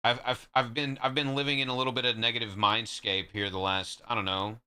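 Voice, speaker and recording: A man's voice: medium pitch, little pitch movement, a little fast, sharp tone, clean tone. A man streaming live, trading joking, profane banter with his chat in casual talk.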